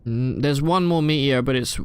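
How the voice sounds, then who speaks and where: A man's voice: medium pitch, moderate pace, smooth, dry recording. A man chatting casually while streaming a game live from his room at home, rambling and answering chat with plenty of fillers.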